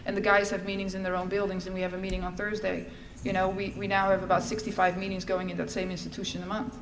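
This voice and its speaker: A woman's voice: medium pitch, fast, noisy background. Echoey woman telling a recovery story. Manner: lively storytelling, acting out quoted lines. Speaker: speaker sharing her recovery story at a fellowship event. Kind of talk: personal testimony. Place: large event hall. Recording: echoey hall with faint ambience.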